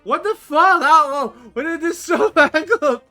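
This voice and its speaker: A male streamer commenting live on a game, excitable and swearing, with sudden loud outbursts. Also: extremely high pitch, a little slow, soft background music.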